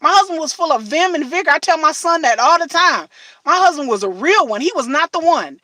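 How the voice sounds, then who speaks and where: A middle-aged woman chatting casually on a livestream, telling lively stories, acting out what people said and swearing freely. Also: high-pitched, brisk, dry recording, recorded from a distance, poor audio. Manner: animated storytelling, acts out quotes, swears freely. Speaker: livestream host. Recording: voice slightly off-mic, faint noise.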